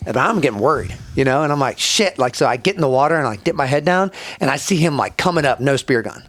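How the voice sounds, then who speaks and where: A man's voice: medium pitch, lively intonation, fast, a bit bright, no echo. Profane, laughing storyteller guy. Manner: profane, laughing, acts out voices in his stories. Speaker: podcast guest. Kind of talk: casual storytelling.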